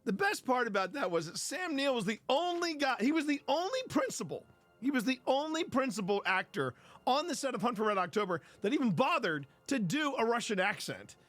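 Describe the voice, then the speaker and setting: A man's voice: very high-pitched, very animated, brisk, a bit bright, no room sound, faint music behind. A man hosting a casual livestream and chatting in a joking, rambling way. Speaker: livestream host.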